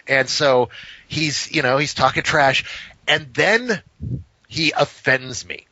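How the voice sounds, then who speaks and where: A man with a bright, forceful, somewhat high voice tells a story on a podcast, animated and full of swearing as he acts out each person. The recording is a little dull and very dry. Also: a little slow, no room sound. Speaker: podcast co-host. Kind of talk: casual storytelling.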